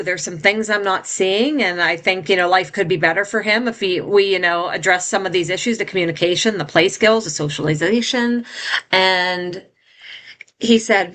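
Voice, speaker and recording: A woman's voice: on the low side, moderate pace, a bit bright. Earnest woman recounting a painful story. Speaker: guest. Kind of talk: personal storytelling in an interview.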